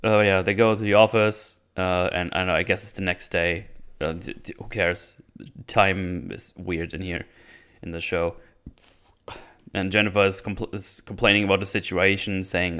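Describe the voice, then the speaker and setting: A man with a low-pitched voice talks through an episode recap in a casual, sarcastic way. His tone is smooth and clear, he curses freely, and he often restarts his sentences. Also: moderate pace, fairly bright tone. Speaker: YouTube show host.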